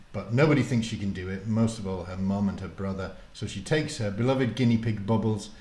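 Man reading a children's book, low voice. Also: echoey room. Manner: lively, with casual fillers. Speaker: author reading his book. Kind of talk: storybook reading.

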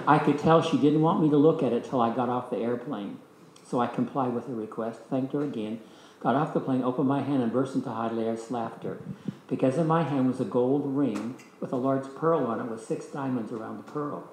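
A man's voice: medium pitch, brisk, a little hiss or hum. Older man telling a story in an echoey hall. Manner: lively anecdotal storytelling, voices the people in his stories. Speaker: discipleship school teacher. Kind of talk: storytelling teaching talk.

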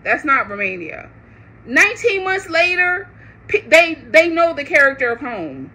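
A woman giving a prophetic sermon online in a lively, conversational way, laughing often. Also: high-pitched, measured pace. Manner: animated, laughing, conversational preaching. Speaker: online preacher. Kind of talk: prophetic preaching.

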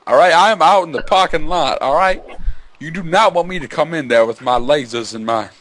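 A man making a prank phone call, bragging absurdly and mock-threatening in a deliberately ridiculous way. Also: on the high side, a bit bright. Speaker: prank caller.

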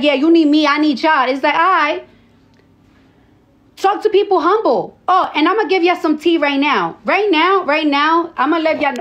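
Blunt, high-voiced woman ranting on a livestream. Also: fairly bright tone. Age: 30s. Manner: blunt, profane, repeats lines for emphasis. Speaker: social media personality. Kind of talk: casual livestream rant. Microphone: phone livestream. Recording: slightly dull lo-fi phone audio.

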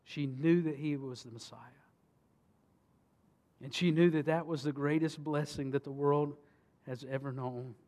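A man, a pastor, preaching a sermon and reading scripture, swinging between emphatic peaks and hushed solemn passages. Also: on the high side, steady tone, unhurried, pauses often. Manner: rhetorical questions to the congregation.

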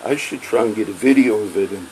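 A man's voice: fairly low pitch, quick pace, darkish tone, slight background noise, rough recording. A man angrily ranting about police to his audience, heated and profane, often repeating himself. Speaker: vlogger. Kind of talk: angry personal rant to camera.

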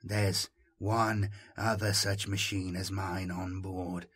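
A man voicing a mocking, half-mad robot with a trapped mind, speaking in a hushed, purring half-whisper. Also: mid-range voice, animated, a little slow, slightly rough, dry recording, studio quality. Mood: menacing.

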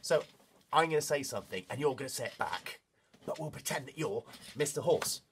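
A man's voice: mid-range voice, animated, a little fast, a little hiss or hum. A man presenting a children's music lesson, talking straight to the young class in a playful, encouraging way.

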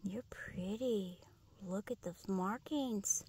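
A woman coaxing and soothing an animal in a gentle, often whispered voice, filming outdoors at night on a phone. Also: mid-range voice, slow pace, breathy edge. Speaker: pet owner filming wildlife. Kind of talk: soft coaxing talk to an animal.

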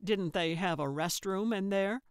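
A woman's voice: medium pitch, a little slow, clean tone, no room sound, close to an everyday voice. A woman doing a weary grumbling older man. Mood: grudging. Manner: dry and grudging.

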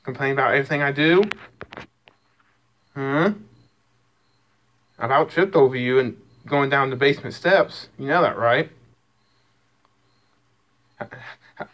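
A man's voice: mid-range voice, measured pace, long pauses, fairly bright tone. A man, talking to his cats and scolding them, stammering and restarting as he goes. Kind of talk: casual talk to pets.

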